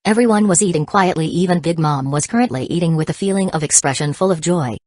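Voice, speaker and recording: A woman giving steady, scripted narration of an audiobook. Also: on the low side, quick pace, no echo.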